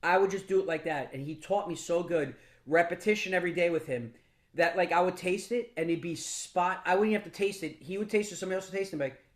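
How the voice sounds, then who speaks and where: High-voiced blunt male mentor. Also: fast. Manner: casual, blunt, with mild profanity; frequent restarts and repeated words. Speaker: business mentor speaking to a mastermind group. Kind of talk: motivational storytelling talk.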